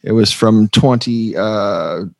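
A man hosting a casual movie podcast, talking in an animated way with many restarts and frequent laughs. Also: lowish voice, slow pace, gravelly, dry recording. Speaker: podcast host. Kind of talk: casual movie-discussion chat.

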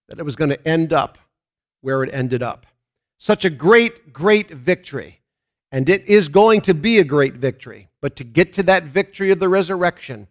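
Male pastor, sermon delivery, slightly high voice, emphatic preaching rises. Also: animated. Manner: rises to loud preaching on scripture and crowd shouts; halting restarts when speaking plainly.

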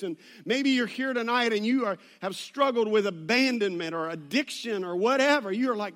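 A man preaches a sermon to a church congregation. His voice sits high for a man. He talks in a loose, conversational way, with joking asides and rambling restarts. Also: expressive, normal speed, a bit bright. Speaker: pastor.

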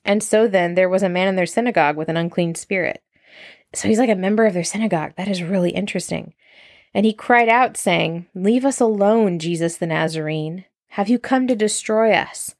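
Woman Bible study teacher, lower voice, reads verses then chats about them with lots of "like", dry close sound. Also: fairly quick, no room sound. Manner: reads scripture aloud, then comments with enthusiasm; chatty, frequent "like" and laughs.

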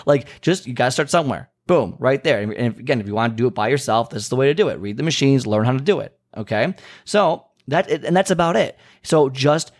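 A man casually telling a personal story as a fitness vlogger, rambling with restarts and asides, and acting out quoted lines in a higher voice. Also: fairly quick. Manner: rambling, self-interrupting, frequent restarts and asides; acts out quoted dialogue with pitch jumps.

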